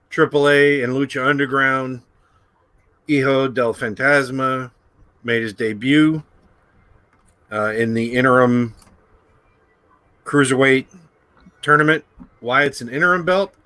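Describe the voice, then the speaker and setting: A man's voice: mid-range voice, fairly bright tone, dry recording. A man co-hosting a casual wrestling podcast, blunt and repeating himself. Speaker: podcast co-host.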